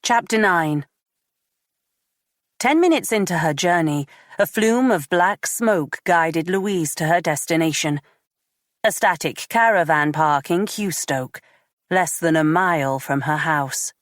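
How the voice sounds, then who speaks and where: A woman narrating a crime audiobook in a measured, even read. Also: fairly low pitch, no echo, studio quality.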